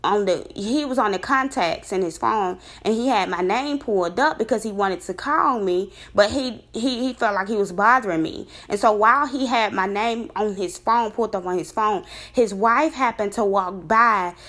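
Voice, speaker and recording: A woman casually telling a personal story, rambling and animated, her voice jumping high when she recounts her disbelief. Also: moderate pace, few pauses. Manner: rambling with many fillers and restarts.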